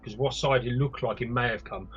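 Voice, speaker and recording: A very raspy man at mid pitch, chatting as a player in a tabletop game and asking questions about the rules. His dull, lo-fi microphone takes the brightness off his voice. He sounds like a typical casual player across the table. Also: steady tone, brisk.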